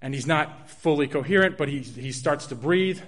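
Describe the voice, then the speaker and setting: Young man, slightly high voice, earnest, halting personal storytelling. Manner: earnest, halting retelling with restarts and soft laughs.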